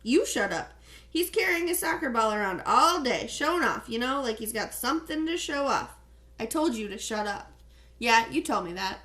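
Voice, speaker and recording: A woman's voice: a little high, expressive, moderate pace. Brash teenage soccer boy as a woman reads him, trash-talking, raised voice, audiobook. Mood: scornful. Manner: brash, mocking, loud. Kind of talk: audiobook character reading.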